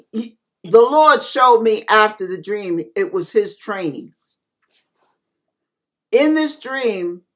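Slow, bright-voiced woman pastor. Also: mid-range voice. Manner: storytelling, addresses listeners directly. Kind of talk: personal testimony sermon.

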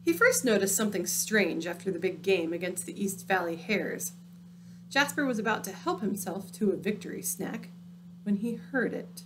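A woman reading a picture book aloud, dramatic and dropping into hushed, spooky tones. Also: mid-range voice, lively intonation, normal speed, noisy background. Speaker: storyteller.

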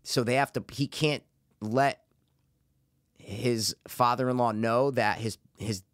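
A young man co-hosting a podcast in casual chat, excitable, swearing freely and slipping into voices to imitate people. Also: medium pitch, slow pace, no room sound, studio quality. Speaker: podcast co-host.

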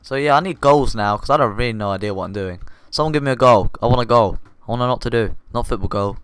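A man's voice: mid-range voice, quick pace, a bit bright, smooth, no echo. A man giving casual gameplay commentary, rambling and joking at himself as he plays. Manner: goofy, rambling and self-mocking. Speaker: gaming video host.

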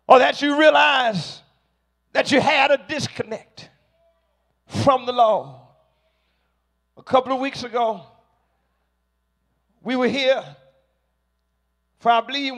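A man preaching a sermon to a congregation, slow and emphatic, rising to shouted peaks. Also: very high voice.

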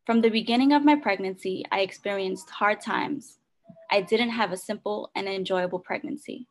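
Woman reader; earnest, sincere devotional reading, mid pitch. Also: moderate pace.

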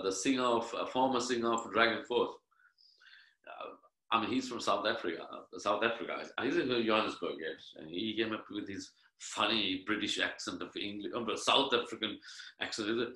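A man's voice: lowish voice, normal speed, bright, forceful tone, reverberant, rough recording. A middle-aged man from Sri Lanka, a musician guest in an interview, talking casually and rambling with many hesitations and restarts.

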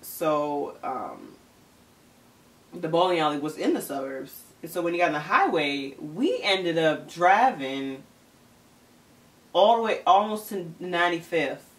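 A woman's voice: low-pitched, expressive, measured pace, far from the mic. A young woman from the Chicago area telling a storytime tale to camera in a chatty, dramatic way, often laughing. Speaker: vlogger. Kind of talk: casual storytime. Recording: roomy, from the mic.

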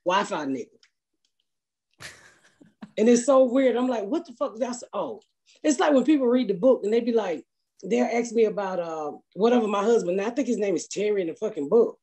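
Husky-voiced brash woman comic. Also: mid-range voice, expressive, normal speed, mellow. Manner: brash, profane storytelling with acted-out quotes. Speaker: comedian host. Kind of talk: casual podcast chat.

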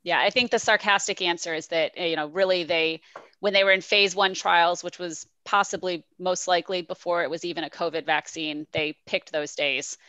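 A woman researcher speaking casually on a university panel, chatty and quick to joke. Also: on the low side, fairly even intonation, pushed and bright, no echo, poor audio. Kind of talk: panel discussion.

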